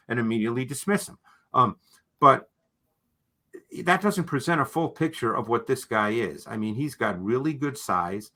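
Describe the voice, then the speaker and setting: A man with a bright, forceful voice co-hosts a football analysis show. He explains players in an emphatic, teacherly way and keeps tagging his points with a quick "okay?". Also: medium pitch, expressive. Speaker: football film analyst, co-host. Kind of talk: analytical sports discussion.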